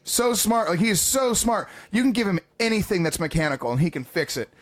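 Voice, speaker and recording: A man's voice: sits high, big pitch swings, a little fast. Swearing man telling tall family stories. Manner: profane, anecdotal storytelling. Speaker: podcast co-host. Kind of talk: casual chat.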